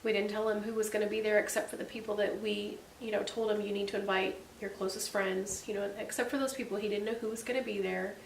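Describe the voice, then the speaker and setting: Talking fast with few pauses, a woman in her forties co-hosts a relaxed faith-based podcast in a creaky, mid-range voice and a level tone. Her storytelling is warm-hearted and chatty, full of ums. Faint hiss, a distant mic, and an echoey room mark the recording.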